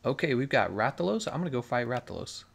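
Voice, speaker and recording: A man's voice: mid-range voice, big pitch swings, quick pace, gravelly. A man streaming a game live, in casual commentary, reading chat questions aloud and musing on his answers in a laid-back way.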